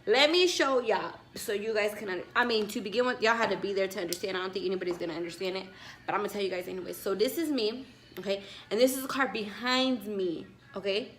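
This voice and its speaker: A woman's voice: medium pitch, fast, slight background noise. A young woman vlogger telling a story in a casual, sassy way, with lots of asides to her viewers.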